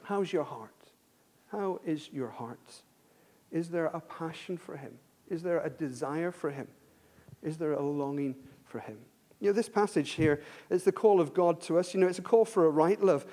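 A man preaching a sermon, swinging between hushed questions and loud emphatic bursts, telling stories with frequent restarts. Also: fairly high pitch, moderate pace.

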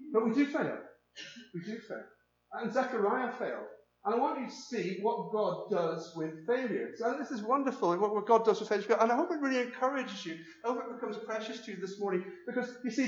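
A man preaching with a high, earnest voice that repeats key phrases for emphasis. His sermon rings through a large echoing church, and the recording sounds somewhat dull and lo-fi. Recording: echoey, dull lo-fi room recording.

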